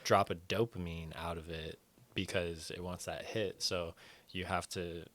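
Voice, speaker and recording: A man with a very deep, low voice talks as a podcast guest in a studio. He speaks in a relaxed, thoughtful way, working through his points with plenty of "like" and "you know.". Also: unhurried. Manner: relaxed, thoughtful, filler-heavy. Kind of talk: casual chat.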